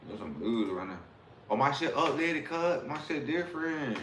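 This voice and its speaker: A man's voice: mid-range voice, big pitch swings, moderate pace, a little hiss or hum. A man livestreaming who chats casually and profanely, rambling and breaking into freestyle rapping. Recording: roomy sound with loud music.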